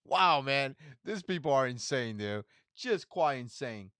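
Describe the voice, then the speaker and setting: A man in his forties hosts a reaction video with an indignant, repetitive manner. His pitch swings up and down a lot as he talks. The voice sounds dry and close, with almost no room sound. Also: expressive, unhurried, bright, forceful tone, no echo. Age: 40s. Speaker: commentary channel host. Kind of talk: reaction commentary.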